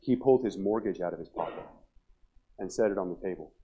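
A man in his forties, a pastor preaching a revival sermon, joking and telling stories, then pressing his point loudly. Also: sits low, fast, highs cut off, slight background noise. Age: 40s. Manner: humorous storytelling, rising to loud emphatic preaching. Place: church sanctuary.

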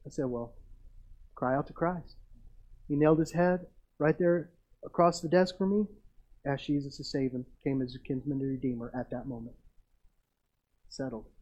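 A middle-aged man, a pastor telling stories in a sermon and swinging from hushed to emphatic. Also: mid-range voice, fairly even intonation, moderate pace, long pauses, rough recording.

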